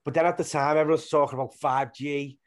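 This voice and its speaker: A man's voice: on the high side, fairly even intonation, quick pace. Swearing Scouse man, rambling stories. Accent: Liverpool (Scouse). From Liverpool, England. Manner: rambling storyteller, swears freely. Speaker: guest comedian. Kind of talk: casual interview chat.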